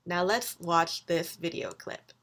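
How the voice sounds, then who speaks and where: A woman lecturer giving a recorded video lesson, explaining grammar slowly and deliberately. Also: lowish voice, fairly bright tone. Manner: slow, deliberate explanations with quoted examples. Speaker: university lecturer.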